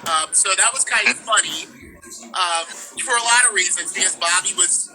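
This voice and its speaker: A ring announcer from New York telling stories in a casual interview, in a rambling, laid-back way. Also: male voice, high-pitched, moderate pace, music in the background, low-quality recording.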